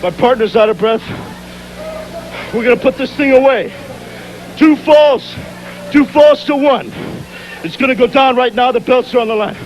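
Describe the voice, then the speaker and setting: A man's voice: extremely high pitch, fairly even intonation, normal speed, muffled recording, slight background noise. A man, a pro wrestler, out of breath and pumped up, cutting a boastful promo.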